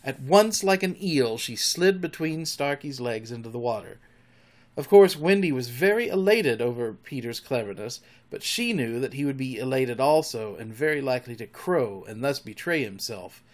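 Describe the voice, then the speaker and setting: A man reading a storybook aloud in an expressive, dramatic way. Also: medium pitch, moderate pace. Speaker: narrator.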